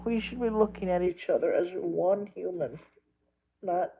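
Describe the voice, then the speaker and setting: A man's voice: high-pitched, measured pace, mellow, breathy edge, rough recording. A man talking straight to his viewers while crying, pleading and repeating himself, with plenty of swearing. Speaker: livestreamer. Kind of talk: emotional monologue to viewers.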